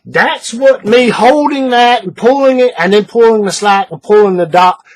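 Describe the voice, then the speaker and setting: A man calmly talking through a paracord bracelet tutorial step by step, patient and repetitive, often checking in with the viewer. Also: high-pitched, normal speed. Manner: patient, repeats steps, checks in with "all right?". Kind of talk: hands-on craft tutorial.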